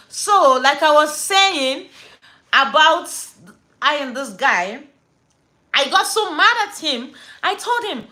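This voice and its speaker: Bright-voiced chatty woman vlogger. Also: sits high, lively intonation, slow pace. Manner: chatty storytelling with fillers. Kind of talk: casual chat.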